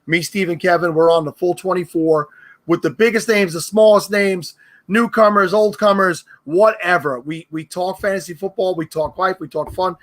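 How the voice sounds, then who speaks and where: A man with a New York accent talks in casual, joking podcast chat as a guest. His voice sits a bit high, and he teases the hosts freely. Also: fairly even intonation, moderate pace. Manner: joking, teasing, self-promoting.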